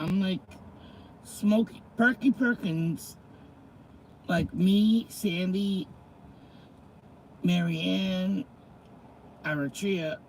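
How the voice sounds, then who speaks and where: On a laid-back livestream, a middle-aged male host with a mellow, slightly high voice takes his time, calling out viewers by name and reading slang definitions aloud. The audio quality is poor, and faint noise lingers under his speech.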